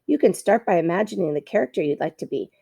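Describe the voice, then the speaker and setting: A woman's voice: lowish voice, animated, fast talker, gravelly, dark tone, slightly rough, no room sound, studio quality, pitched below the performer's own voice, heavily acted. Woman playing a gushing theatrical opossum. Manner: dramatic, gushing. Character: theatrical chatty female opossum, a born ham.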